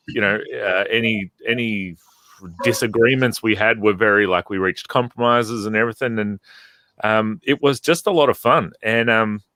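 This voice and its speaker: A man's voice: lowish voice, sharp tone, no room sound. A man who writes comics, chatting casually and eagerly, with lots of ums and hesitations. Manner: eager, hesitant, many fillers. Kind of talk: casual chat.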